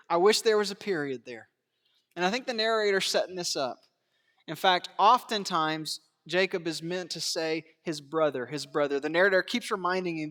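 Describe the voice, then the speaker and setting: A man preaching a sermon in a church, swinging between hushed asides and raised emphatic lines, chuckling and asking rhetorical questions. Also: high voice, moderate pace, long reverb tail. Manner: acts out biblical quotes in character voices. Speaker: pastor. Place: church sanctuary.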